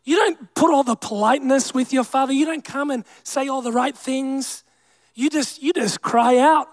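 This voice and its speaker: A man's voice: very high-pitched, moderate pace, dry recording. A young man preaching a sermon with emphatic delivery, calling out to the congregation. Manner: emphatic preaching with crowd call-outs. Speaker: pastor.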